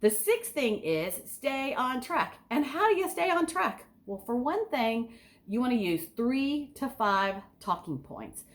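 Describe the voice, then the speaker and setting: Lively, animated woman giving speaking tips. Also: sits high, measured pace. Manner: enthusiastic, sometimes overly excited; asks the listener direct questions. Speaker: speaking coach. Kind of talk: instructional talk.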